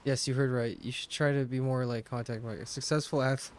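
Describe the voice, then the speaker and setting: A man's voice: medium pitch, steady tone, brisk. A man streaming a game, chatting casually, swearing a lot and ranting animatedly with laughs. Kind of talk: casual live-stream commentary. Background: game music.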